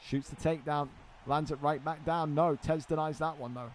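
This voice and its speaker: A young man giving live play-by-play commentary on a video game fight, excitable and swearing freely as he banters with friends. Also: a little high, moderate pace, slight background noise.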